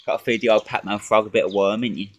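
A man's voice: fairly low pitch, steady tone, fast talker. A man ranting and swearing at his critics in a casual drinking vlog, recorded outdoors in a garden. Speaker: drinking vlogger.

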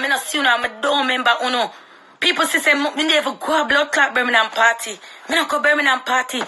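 Woman, Jamaican accent, young adult, bright piercing tone, confrontational, profane social media rant. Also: high-pitched, poor audio.

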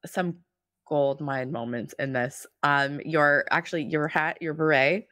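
A woman's voice: low voice, steady tone, unhurried, fairly bright tone, no echo, clean studio sound. A woman co-hosting a podcast, chatting casually and animatedly and laughing often. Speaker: podcast co-host. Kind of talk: casual chat.

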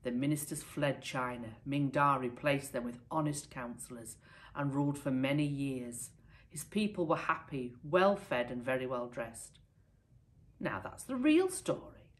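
A primary school teacher reading a picture book aloud to her pupils. Her woman's voice sits low and is expressive and lively as she tells the story. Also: measured pace. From United Kingdom.

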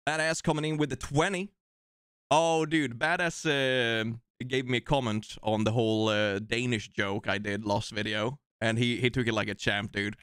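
A man's voice: mid-range voice, steady tone, moderate pace, a bit bright, clean tone, dry recording, clean studio sound. A man with a Swedish accent hosting a live game stream, casually joking and thanking viewers. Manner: jokey, rambling, thanking viewers. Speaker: streamer host.

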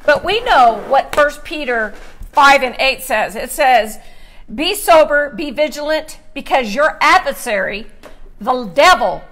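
A woman pastor preaching, emphatic, slowing down to stress scripture. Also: sits high, animated, a bit bright. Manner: emphatic, slows to stress scripture, asks "Amen?". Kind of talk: sermon.

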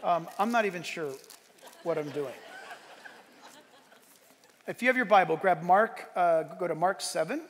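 A man preaching a sermon as pastor, animated and conversational, telling stories with bursts of shouting. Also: high-pitched, measured pace, long pauses, a little hiss or hum. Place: church sanctuary. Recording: long reverb of a church sanctuary.

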